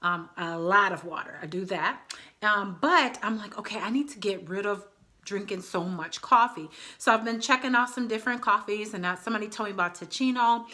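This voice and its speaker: A woman's voice: mid-range voice, a little fast, pushed and bright. A woman in her thirties chatting casually to her viewers as a vlogger, often calling them y'all. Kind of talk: casual chat to camera.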